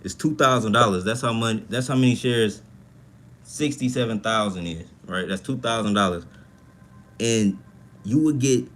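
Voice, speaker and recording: A man's voice: lowish voice, normal speed, fairly bright tone. A young man hosting a casual livestream, talking in a profane, rambling way and reacting to chat comments. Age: young adult. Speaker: livestream host. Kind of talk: casual livestream talk about money.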